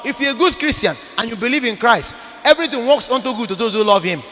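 A man, a Catholic priest, preaching a sermon emphatically, repeating phrases and breaking into sudden loud bursts. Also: very high-pitched, animated, fast, in a large hall.

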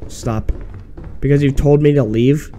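Slow-talking man barking voice commands. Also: medium pitch, steady tone, mellow, faint music behind. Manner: repeats short voice commands, swears when they fail. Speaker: gamer. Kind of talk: casual gameplay chat.

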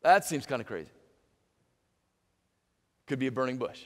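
A man preaching a sermon as pastor, animated, stumbling and restarting often, and acting out little dialogues. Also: mid-range voice, normal speed. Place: church sanctuary. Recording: reverberant church hall.

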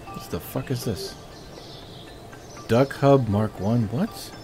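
Jokey game streamer with lively pitch. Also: male voice, drawn-out words, pauses often. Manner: animated, jokey, chats with viewers. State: tired. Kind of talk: casual live-stream commentary. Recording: game soundtrack music playing behind. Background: game soundtrack music.

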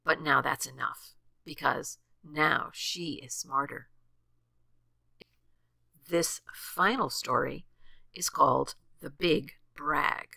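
An older woman reading a rhyming storybook aloud with expressive, sing-song rhythm. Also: very deep voice, creaky, dry recording.

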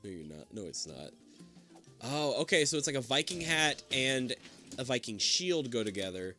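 A man playing a co-op game with a friend, excitable and swearing, swinging between yelling and muttering. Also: mid-range voice, moderate pace, faint music behind. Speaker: gamer. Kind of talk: casual co-op game commentary.

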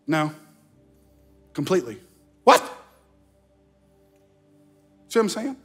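A man preaching a sermon as pastor, animated, slowing down to stress key phrases and slipping into mock voices. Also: sits high, soft background music. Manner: slows down for emphasis on key phrases. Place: church sanctuary.

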